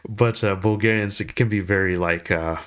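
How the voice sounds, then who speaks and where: A male podcast host in a casual conversation, halting often and searching for words. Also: lowish voice, steady tone, fairly bright tone, clean tone.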